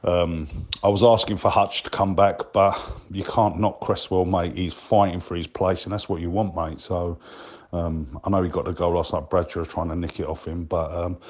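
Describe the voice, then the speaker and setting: A deep, low-pitched man rambles through a casual voicemail. He leans on fillers and keeps calling the listener "mate". His talk is loose and chatty. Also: level tone, moderate pace, a little mellow, highs cut off. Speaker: caller leaving a voicemail.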